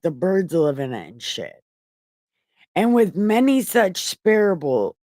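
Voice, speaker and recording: A woman reads the Bible aloud at an unhurried pace, her voice dry and close with no room sound. She corrects her own slips and throws in profane, offhand retellings. Between verses she rambles to viewers who may not be there. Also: lowish voice, dark tone, no echo. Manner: irreverent, swears while paraphrasing; rambling, self-correcting, talks to an empty chat. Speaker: livestream Bible reader. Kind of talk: casual live Bible reading with chatty asides.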